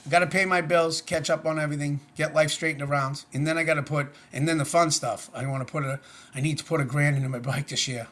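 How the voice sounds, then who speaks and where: A man's voice: fairly high pitch, fairly even intonation, quick pace, fairly bright tone. A middle-aged man talking to camera in a casual personal vlog, earnest, plainspoken and rambling. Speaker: vlogger.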